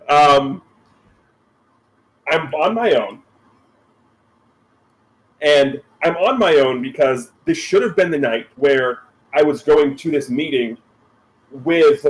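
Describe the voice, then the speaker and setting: A man's voice: fairly high pitch, low-quality recording. A man playing in a tabletop game, casually explaining his character's plans. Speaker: player.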